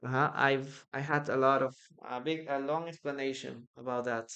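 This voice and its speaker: A man's voice: medium pitch, moderate pace, sharp tone. Spanish-speaking guy teaching english live online, patient, walks through examples, computer mic.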